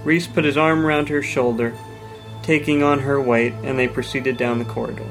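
A man's voice: medium pitch, steady tone, normal speed, over music, poor audio. Man reading a story aloud. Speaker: reader. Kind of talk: fan fiction reading.

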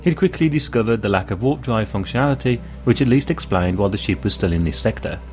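A man narrating a science-fiction audiobook in a measured, even reading. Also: fairly low pitch, soft background music. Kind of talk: scripted narration.

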